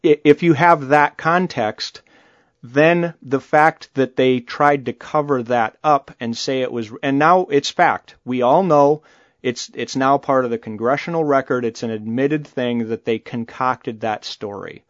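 Unhurried and mid-range in voice, a man co-hosting a podcast chats casually about politics, blunt and animated, with plenty of cursing. The recording is dry and the audio dull.

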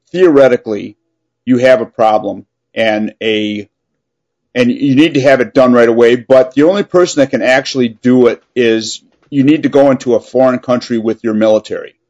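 A man's voice: medium pitch, darkish tone. A man co-hosting a podcast, chatting casually and giving short agreeing replies. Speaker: podcast co-host. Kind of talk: casual chat.

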